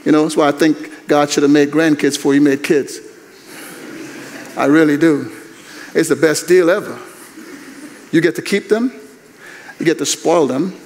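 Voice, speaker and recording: An older man preaching a sermon in an animated, conversational way. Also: on the high side, normal speed, long pauses, a little hiss or hum. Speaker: guest preacher. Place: large university chapel. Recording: long chapel reverb.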